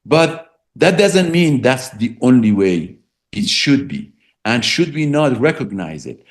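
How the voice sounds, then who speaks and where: A man's voice: medium pitch, big pitch swings, takes it slowly. A middle-aged man, a political science professor and English speaker, speaking emphatically in an interview and repeating words for stress. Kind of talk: academic interview.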